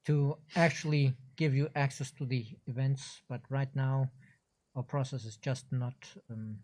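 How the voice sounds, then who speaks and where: Guy dev on a stream, average pitch, thinks out loud, lots of restarts. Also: fairly even intonation, unhurried. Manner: thoughtful, explains at length with restarts. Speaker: game developer on a livestream. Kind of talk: casual gameplay chat.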